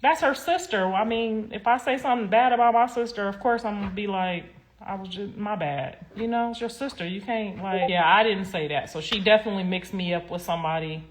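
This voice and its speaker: Woman, middle-aged, interview guest, blunt, animated, medium pitch. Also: quick pace, few pauses, a little hiss or hum. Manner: blunt, animated storytelling with mocking impressions. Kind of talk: candid interview talk.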